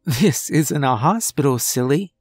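A man's voice: mid-range voice, expressive, a little slow, slightly rough, dry recording, studio quality, faint music behind. A man voicing a sweetly menacing female nurse who soothes and mocks her patient. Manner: soothing, mocking.

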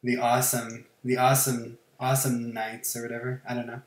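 A man chatting casually while he plays a game, rambling from one thought to the next and swearing freely. He pokes fun at himself. His voice has a middling pitch and carries a roomy echo. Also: level tone, brisk. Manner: rambling, profane, self-mocking. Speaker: gaming channel host.

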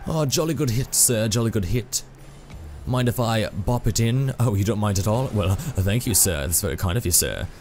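A man putting on a mock British accent to play a prim, overly polite gentleman. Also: fairly low pitch, expressive, normal speed, faint music behind. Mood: genteel.

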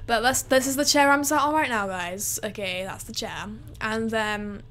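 A woman's voice: on the high side, normal speed, fairly bright tone. A woman, livestreaming her gaming in a hyper, chatty way full of fillers. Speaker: gaming streamer. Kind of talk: excited livestream chat.

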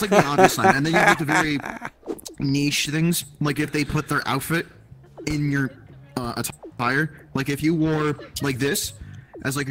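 A man's voice: medium pitch, a bit bright, rough recording. A man in casual chat who explains things loosely and leans on the word "like" over and over. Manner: explaining in a loose rush, saying "like" often.

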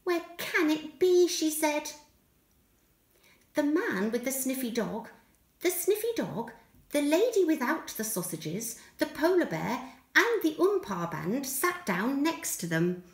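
A woman who teaches nursery school, reading a storybook aloud to young children in a gentle, expressive way. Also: sits high, slow pace. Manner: gentle, expressive and sing-song. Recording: echoey room.

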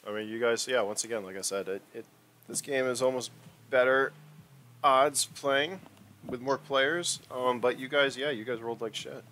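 A man's voice: medium pitch, normal speed, bright, forceful tone, a little hiss or hum. A man narrating as game master in a casual, profane, teasing way.

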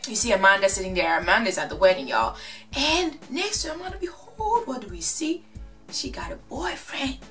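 A woman recapping a reality show in a casual, gossipy, animated way. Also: a little high, normal speed, distant mic, faint music behind. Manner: gossipy, animated, acts out quotes.

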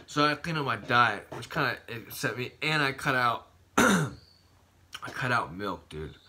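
A man's voice: mid-range voice, big pitch swings, a little slow, sharp tone, slight background noise. A young man vlogging about fitness in a casual, profane, rambling way, saying "dude" constantly. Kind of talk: casual vlog talk.

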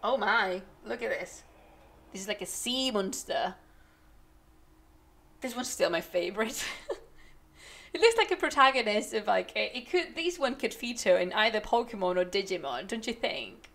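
A young woman whose first language is not English, ranting on a live stream in an animated, exasperated way and thinking aloud. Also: mid-range voice, normal speed, pauses often. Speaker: streamer and researcher. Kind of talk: casual ranting stream commentary.

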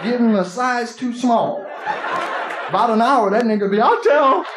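A man's voice: extremely high pitch, normal speed, noisy background. A man doing live stand-up in a club, telling profane, streetwise stories. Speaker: stand-up comedian. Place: nightclub stage. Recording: echoey club with crowd laughter.

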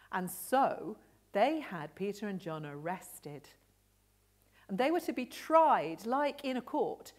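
A woman telling a Bible story gently and expressively for an all-age church service. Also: medium pitch. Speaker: children's storyteller.

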